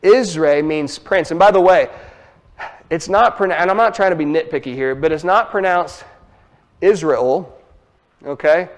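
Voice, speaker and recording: Emphatic Ozarks preacher with high voice. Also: male voice, moderate pace. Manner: animated, emphatic teaching with asides. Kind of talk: sermon.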